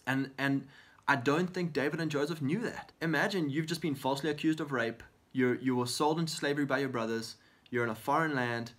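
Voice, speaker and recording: A man's voice: mid-range voice, brisk, a bit bright. Earnest man giving Christian encouragement. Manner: earnest and encouraging, often acts out prayers in quotes. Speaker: co-host of a faith talk show.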